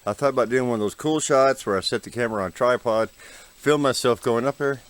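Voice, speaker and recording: Breathless from climbing a forest trail, a man vlogs his hike, talking to viewers with easygoing, folksy charm. He speaks briskly in a smooth, medium-pitched voice.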